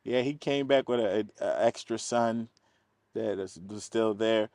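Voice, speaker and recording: Man from telling lively stories. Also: on the low side, a little slow, no room sound. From East Baltimore, USA. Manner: animated, acts out quoted voices, laughs often. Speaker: film producer, guest. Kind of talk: casual interview storytelling.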